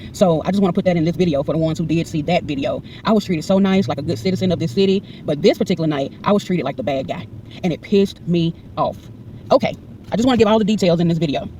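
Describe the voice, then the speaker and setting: Woman, 40s, vlogger retelling a tense encounter; quick, heated delivery with a mellow tone. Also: on the low side, far from the mic, slight background noise. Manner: animated, acts out every exchange in quoted dialogue; heated and indignant when retelling. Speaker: vlogger recounting a personal incident. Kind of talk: casual storytelling to camera.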